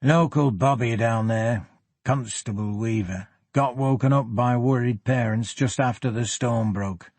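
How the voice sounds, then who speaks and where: Man doing a gruff Yorkshire police chief. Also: medium pitch, a little mellow, no room sound, close to an everyday voice. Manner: blunt, unhurried, plain-spoken. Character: gruff older male Yorkshire police superintendent.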